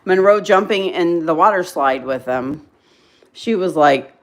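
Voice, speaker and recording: A woman's voice: fairly low pitch, expressive, unhurried. A middle-aged woman, chatting casually with viewers on a livestream and laughing often at herself. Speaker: livestream host.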